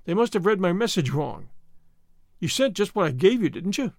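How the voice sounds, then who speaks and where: Storybook figure: exasperated male war correspondent, excitable outbursts, animated pitch, read by a man. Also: moderate pace, no room sound, studio quality. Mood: anxious.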